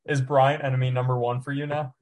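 A young man with a mid-pitched voice co-hosting a sports podcast. He talks in a relaxed, chatty way, leaning on "like" and "dude" as he breaks down the players. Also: brisk. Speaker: podcast co-host. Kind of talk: casual sports chat.

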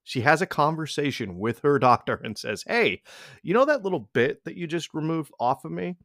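A man's voice: on the high side, big pitch swings, normal speed, a bit bright, dry recording, studio quality. A young man telling a crude story in casual banter, rambling and restarting often. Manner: rambling, profane, many restarts.

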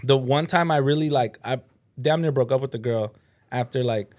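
A man's voice: mid-range voice, moderate pace, darkish tone. A man co-hosting a casual podcast, telling a rambling story with lots of filler "like". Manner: rambling, heavy on "like". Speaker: podcast co-host. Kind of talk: casual chat.

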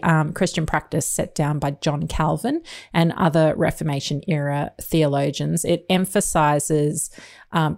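Lady podcaster rambling through her research, lotsa ums, lowish voice. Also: creaky, darkish tone. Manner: chatty, researched, lots of ums and asides. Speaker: podcast co-host. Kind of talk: casual chat.

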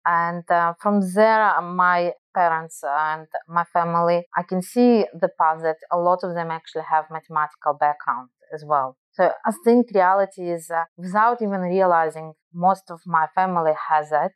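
A woman's voice: on the low side, normal speed, hardly any pauses, clean tone, dry recording. A woman from Belarus with a Russian accent, answering interview questions earnestly and thinking aloud with many restarts. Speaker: guest.

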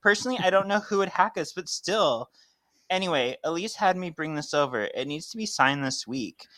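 A man's voice: animated, brisk, pushed and bright, no room sound. Man doing a rambling, eager young guy. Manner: chatty, run-on, pitched up.

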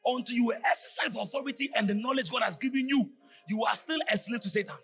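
A man preaching a fervent sermon, often shouting and sliding into a sing-song cadence. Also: extremely high pitch, fast, soft background music.

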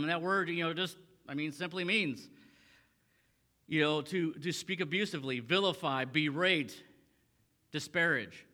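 Reading scripture aloud, a pastor then restates it in plain talk, using frequent fillers and repeated phrases. His voice is high-ish, pushed and bright, with a long reverb tail filling the church sanctuary.

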